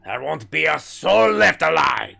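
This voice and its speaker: An actor playing a boisterous, menacing Scottish demolitions man in a video game, speaking with a Scottish accent and gravelly, swaggering boasts. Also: fairly high pitch, sing-song, a little slow, sharp tone, faint music behind, exaggerated voice. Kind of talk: video game character dialogue.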